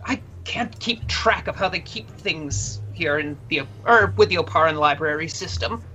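A woman's voice: low-pitched, normal speed, sharp tone, faint music behind, pitched below the performer's own voice, low-quality recording. Woman voicing a weary, haughty half-elven duke. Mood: brisk. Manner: dry, formal and slightly haughty. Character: weary, fussy half-elven male duke, thorough bureaucrat. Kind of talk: tabletop role-play voicing.

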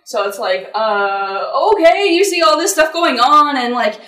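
A woman game master telling a laughing, animated story on a convention panel. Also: sits high, a little slow. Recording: roomy, from far off the mic.

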